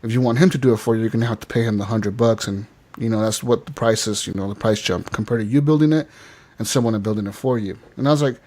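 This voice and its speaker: A man's voice: lowish voice, quick pace, dark tone. A man hosting a podcast, telling a long rambling story in casual chat, swearing freely. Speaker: podcast host. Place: podcast studio.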